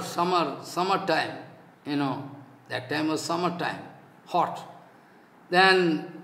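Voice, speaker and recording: A man's voice: fairly high pitch, fairly bright tone. Older man preaching in an echoey room. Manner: scolding, emphatic, quotes others in their voices. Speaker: spiritual teacher. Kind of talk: devotional talk with anecdotes.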